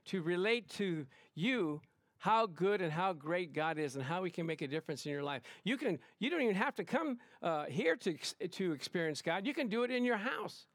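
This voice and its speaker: A male pastor preaching a lively sermon to his congregation, emphatic and excitable, often calling out "Amen?". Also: high voice, normal speed, no room sound, studio quality. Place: church service in front of a congregation.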